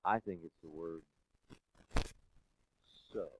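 A man preaching a sermon who keeps asking the congregation questions and swings between soft and loud. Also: sits low, slow pace, lo-fi sound, noisy background. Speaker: pastor.

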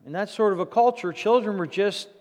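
A man preaching a sermon to his congregation, in an animated way, often restarting his sentences. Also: high voice, brisk, big-room sound. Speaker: pastor. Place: church sanctuary.

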